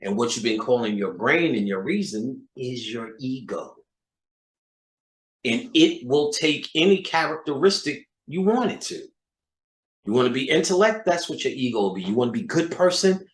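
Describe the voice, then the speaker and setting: A man's voice: medium pitch, expressive, moderate pace. A man giving a freewheeling, profane lecture, emphatic and rhetorical, who keeps checking in with his listeners and repeats lines for punch. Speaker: occult lecturer. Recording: echoey room.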